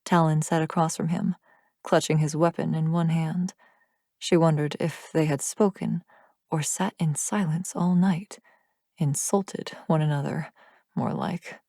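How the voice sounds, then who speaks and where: A woman narrating an audiobook, reading the story in a steady, even manner. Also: deep voice, unhurried, no echo, studio quality.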